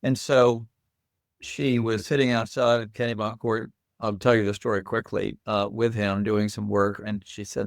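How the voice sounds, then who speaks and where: An older man, a podcast guest, telling lively anecdotes in a casual interview. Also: on the low side, normal speed, creaky, no echo, clean studio sound.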